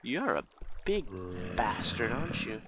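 A man's voice: mid-range voice, very animated, unhurried, noisy background. A man giving casual gameplay commentary at his home computer, thinking aloud and talking to himself as he plays. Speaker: let's play gamer.

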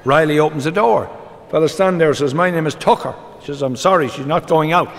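A slightly high-voiced Irish comedian rattles off quick jokes in live stand-up, framing each as a back-and-forth exchange marked by repeated "he says." The venue is echoey, with background noise.

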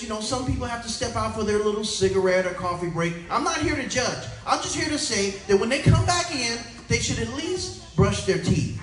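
A man's voice: very high-pitched, fairly bright tone. A middle-aged man performing a clean stand-up comedy set at a conference, doing playful crowd work and acting out voices. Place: conference hall with a live audience. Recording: echoey hall, voice from far off, crowd audible.

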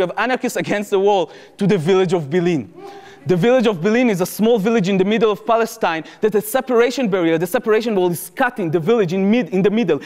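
A young man with an Israeli accent tells a story to a live audience in a high, lively voice that rings through a long-reverb hall. He speaks English as a second language, narrates in the present tense and acts out the voices of the people in the story. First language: Hebrew. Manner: vivid first-person storytelling in present tense, acting out voices. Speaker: speaker at a public talk. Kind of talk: storytelling talk. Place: lecture hall before an audience.

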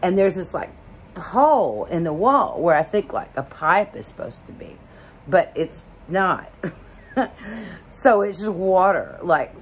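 A woman's voice: fairly low pitch, sing-song, a little slow, slight background noise. A middle-aged woman from Alabama telling a story casually, rambling with lots of fillers and laughs. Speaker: vlogger.

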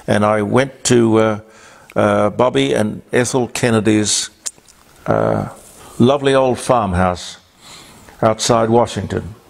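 A man's voice: lowish voice, creaky. An older man with an Australian accent hosting a talk show, reading on-this-day items with rambling asides and fillers. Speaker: radio talk host. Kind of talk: casual on-this-day segment.

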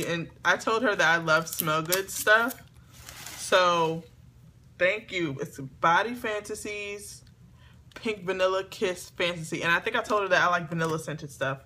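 A woman chatting excitedly to camera as she opens gifts, talking to her viewers at home. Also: on the low side, slight background noise. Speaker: beauty vlogger. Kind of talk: casual unboxing chat to camera. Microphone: camera on a tripod.

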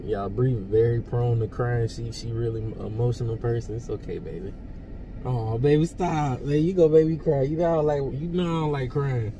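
Chill young guy talking low and gentle on a reaction vid, kinda noisy recording, voice right in the middle. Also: fairly even intonation, a little fast, hardly any pauses. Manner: soft, soothing, repeatedly comforting. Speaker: reaction channel co-host. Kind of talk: casual reaction chat.

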